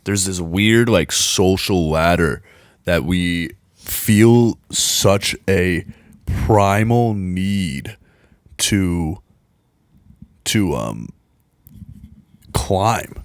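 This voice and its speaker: A man's voice: low voice, lively intonation, clear, resonant tone, dry recording, clean studio sound. A man in his twenties from Baltimore, a podcast guest talking bluntly and profanely in casual chat. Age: 20s. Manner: blunt and profane, quick asides. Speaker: podcast guest, music producer.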